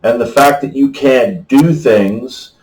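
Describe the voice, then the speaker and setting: Unhurried man with a rambling, folksy Bible talk, recorded off-mic in a roomy space. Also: mid-range voice, darkish tone, recorded from a distance. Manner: rambling, folksy, keeps asking "okay?". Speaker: faith vlogger. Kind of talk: casual Bible talk to camera. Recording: echoey room, voice off-mic.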